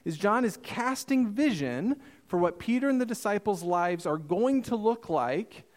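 A man in his thirties preaching a sermon, reading scripture and acting out the dialogue with lively storytelling. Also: high voice, measured pace. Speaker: missionary preacher.

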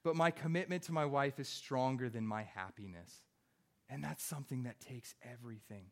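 A young man preaching a sermon, earnest and conversational, dropping wry asides between points. His voice sits at an ordinary middle pitch for a man. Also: normal speed. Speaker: pastor.

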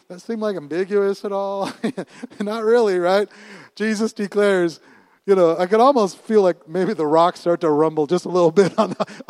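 A middle-aged male pastor preaching in a lively, animated way, his voice sitting a little high for a man. He laughs often between points and swings from near-hushed asides to loud declarations, repeating words as he builds. The recording is dry and close. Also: no echo. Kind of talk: sermon.

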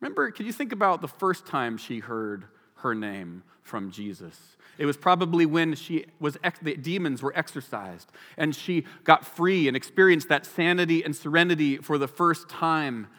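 A man preaching a sermon as pastor, animated, acting out the people in the story. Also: fairly high pitch. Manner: animated, acts out the people in the story in quick voices. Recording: long hall reverb.

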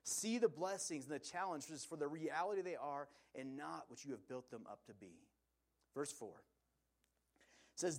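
A man's voice: fairly high pitch, lively intonation, normal speed. A man preaching an earnest sermon, reading scripture aloud and driving his points home with emphasis. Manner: earnest, emphatic preaching with rising and falling intensity. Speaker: pastor.

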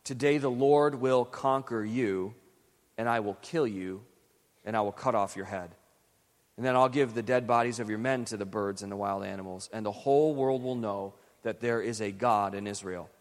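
A man's voice: fairly low pitch, moderate pace, close to an everyday voice. A man reading as a bold young shepherd hero. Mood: earnest. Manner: earnest, emphatic declaiming. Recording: long hall reverb.

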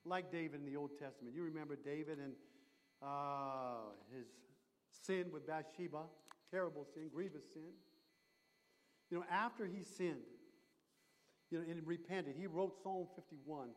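A man preaching a sermon, emphatic, swinging between loud declarations and hushed asides. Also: a little high, measured pace, long pauses, big-room sound. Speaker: pastor.

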